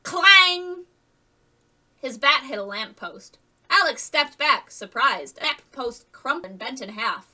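A woman reading a chapter of a children's fantasy novel aloud, lively, with the characters voiced. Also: on the high side, unhurried, recorded from a distance, poor audio. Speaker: audiobook reader. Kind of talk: scripted narration.

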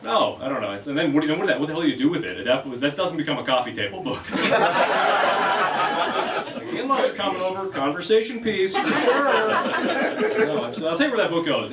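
A man doing a stand-up comedy set on a club stage, rambling and self-deprecating, acting out bits of dialogue. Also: fairly high pitch. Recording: echoey room, recorded from a distance, loud background noise.

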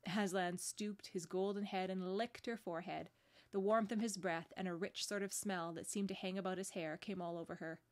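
A woman pastor reads a children's storybook aloud in a gentle, steady voice. Her pitch sits in a middle range. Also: moderate pace.

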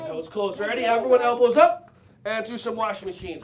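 A man's voice: very high-pitched, a little fast, slight background noise. Playful man leading a kids' class. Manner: playful, animated, jokey with children. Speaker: children's karate and yoga instructor.

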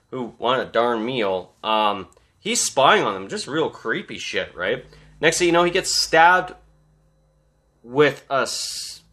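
A man recapping a horror movie in a casual, animated way, swearing constantly and laughing at the scenes. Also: mid-range voice. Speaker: movie reviewer. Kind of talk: casual profane film recap.

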